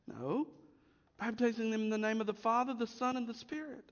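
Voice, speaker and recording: A man preaching a sermon as pastor, swinging between loud emphasis and hushed asides. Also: very high voice, steady tone, brisk, long reverb tail, dull audio.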